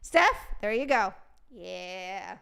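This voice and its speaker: A woman's voice: mid-range voice, lively intonation, drawn-out words, gravelly, sharp tone, smooth. A young woman live streamer in casual, profane, bubbly banter with her viewers.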